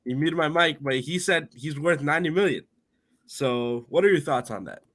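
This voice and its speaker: A man's voice: fairly high pitch, animated, moderate pace, a bit bright. A man on a casual football stream panel, asking questions hesitantly with many fillers.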